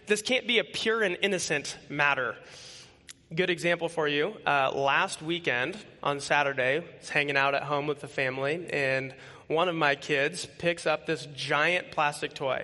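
Bright-voiced man preaching in a reverberant hall. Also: on the high side. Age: 30s. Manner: conversational, rhetorical questions with frequent "right?". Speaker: pastor. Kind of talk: conversational sermon.

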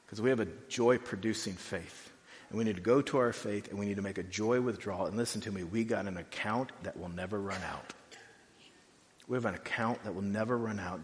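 A pastor preaching a sermon in a conversational way, full of "like"s, going from quiet and low to loud and high. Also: male voice, big-room sound. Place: church hall.

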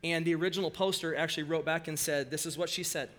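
A middle-aged man giving a sermon, joking and telling animated stories, in a hall with some echo. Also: on the high side, fast, few pauses. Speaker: speaker at a church service.

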